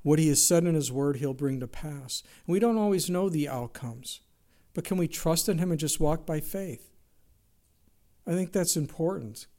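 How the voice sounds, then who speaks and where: A man's voice: fairly high pitch, lively intonation, moderate pace, mellow. A man preaching a sermon, telling an illustrative story with earnest delivery and quoting scripture. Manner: earnest storytelling, quotes scripture, asks rhetorical questions.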